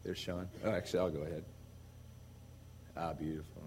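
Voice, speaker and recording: An American man, a visiting missionary, preaching a sermon to a congregation in a conversational storytelling way, moving from quiet asides to loud emphatic passages. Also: deep voice, little pitch movement, moderate pace, a little hiss or hum. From United States. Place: church service before a congregation.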